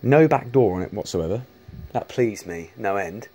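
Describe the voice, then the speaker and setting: A man's voice: on the low side, animated, normal speed, darkish tone, slight background noise. A man chatting casually to camera, rambling with many restarts and casual swearing. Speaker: vlogger showing arcade machines.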